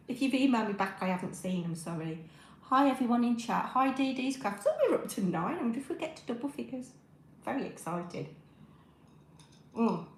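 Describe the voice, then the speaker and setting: A woman's voice: lowish voice, roomy sound, slight background noise, low-quality recording. A middle-aged British woman chatting on a crafting livestream while she knits, rambling with lots of ums and reading out chat messages. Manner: rambling, friendly, many ums, talks while knitting. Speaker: crafting live-streamer. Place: home room.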